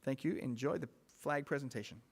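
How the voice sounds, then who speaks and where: A man hosts a ceremony from a stage microphone, his mid-pitched voice upbeat and lightly joking. He talks to the audience in a big school hall, and the sound carries a long, ringing reverb. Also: brisk, creaky, heavy background noise. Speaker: master of ceremonies. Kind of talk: ceremony welcome speech.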